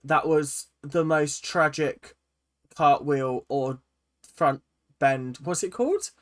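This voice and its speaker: A man hosting a reaction video, talking casually with a bright, lively voice. He jokes around and laughs at himself as he comments. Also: fairly high pitch, takes it slowly. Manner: animated, jokey, laughs at himself.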